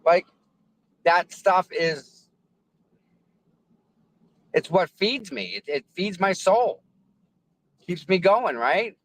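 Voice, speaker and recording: A man's voice: sits high, sing-song, drawn-out words, long pauses, poor audio. A man live-streaming casually from his car in traffic, rambling, repeating words and thanking viewers effusively. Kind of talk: casual live-stream chat while driving.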